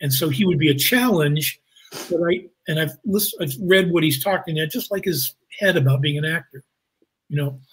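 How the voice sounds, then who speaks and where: A man with a fairly high, husky voice tells behind-the-scenes stories as an interview guest. He talks in an animated way and slips into voices for the people he quotes. He is on a remote video call. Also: normal speed, poor audio. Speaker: guest actor and improviser. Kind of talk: anecdotal interview storytelling.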